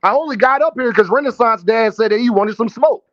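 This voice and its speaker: A brash, profane man talks fast and loose on his livestream, calling out viewers and ordering people into his chat. His voice sits high for a man. The sound is dull and lo-fi, like stream audio. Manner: brash, profane trash-talking; addresses chat directly and calls out viewers. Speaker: boxing livestream host. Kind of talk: casual livestream commentary.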